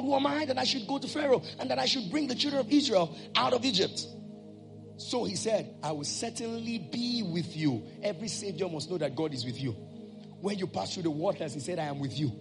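A man preaching a sermon, calling out to the congregation and rising into shouted, chanted lines. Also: high-pitched, gravelly.

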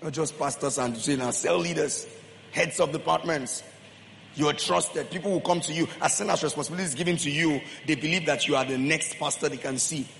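A man preaches with emphatic repetition, pressing his listeners with questions. His voice sits a touch high for a man. Long reverb from the hall trails his words, over a faint wash of room noise. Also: fairly quick, creaky, a bit bright. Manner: emphatic, repeats phrases, questions the congregation. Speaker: pastor. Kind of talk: sermon.

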